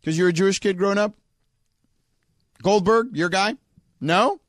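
A man's voice: high voice, normal speed, dry recording, studio quality. A man co-hosting a casual chat show, talking loosely and rambling with lots of fillers. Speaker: co-host.

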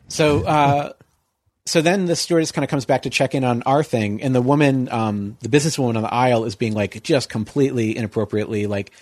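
A man's voice: mid-range voice, a little fast, darkish tone, dry recording. A man in an easygoing conversation spins out a long anecdote, circling back with constant fillers. His voice sits in an ordinary middle register. The recording is close and completely dry. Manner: rambling, full of "like" and "you know". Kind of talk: casual storytelling chat.

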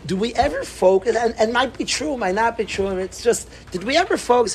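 Emphatic high-voiced rabbi. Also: male voice, a little slow, slight background noise. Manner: animated, repetitive, emphatic bursts. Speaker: yeshiva rabbi. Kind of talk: Torah talk to students.

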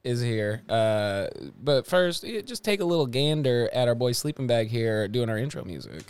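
A man's voice: mid-range voice, animated, normal speed, clean tone. A man in his thirties co-hosting a comedy podcast, joking in casual slang. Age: 30s. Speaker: podcast co-host. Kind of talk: casual chat.

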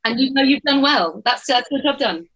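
A woman's voice: high voice, expressive, moderate pace, fairly bright tone, husky, rough recording. A middle-aged woman on a podcast panel, telling a family story in casual chat and acting out what everyone said.

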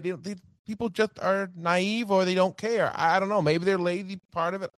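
A man appearing as a podcast guest, talking in an animated casual way, laughing often and tagging sentences with "right" and "you know". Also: sits high, brisk, few pauses, no echo, studio quality. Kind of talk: casual chat.

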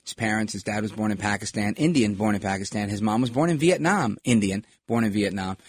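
A man's voice: on the low side, fairly quick, slightly rough, dry recording, clean studio sound. A middle-aged man hosting a talk show, giving rambling, opinionated political commentary with lots of digressions.

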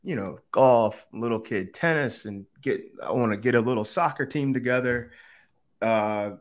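A man talking as a podcast guest and coach, telling stories in an animated way and acting out the people he quotes. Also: moderate pace. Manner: animated storyteller who acts out quoted voices with big pitch jumps. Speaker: podcast guest, quarterback coach and former TV analyst. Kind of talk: casual podcast conversation.

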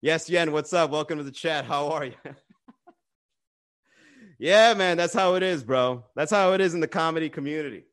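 This comedian roasts his livestream chat with profanity-laced jokes, rambling casually into a phone. His voice is on the high side, a bit bright, clear and resonant, and he talks at normal speed with frequent pauses.

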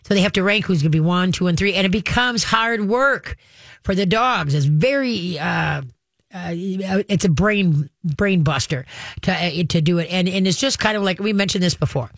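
A man hosting a call-in radio show, giving folksy, animated dog-training advice to callers. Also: sits high, normal speed, gravelly, no echo, clean studio sound. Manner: folksy, animated, acts out dogs and owners.

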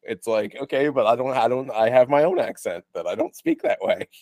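A man's voice: mid-range voice, very animated, brisk, vocal fry, darkish tone, no room sound, clean studio sound. A man from the United States co-hosting a podcast in casual chat, with wry, sarcastic asides. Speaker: podcast co-host.

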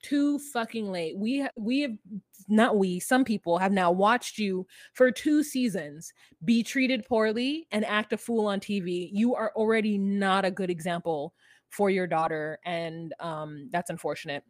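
A woman co-hosting a podcast, recapping a reality show in casual chat, sarcastic and quick, acting out quotes from the show. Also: mid-range voice, no room sound. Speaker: podcast co-host.

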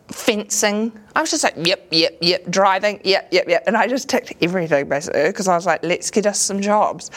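A woman with a New Zealand accent, a comedian and actor telling casual anecdotes in an interview, acting out voices and laughing often. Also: lowish voice. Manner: lively storyteller who acts out voices and laughs often.

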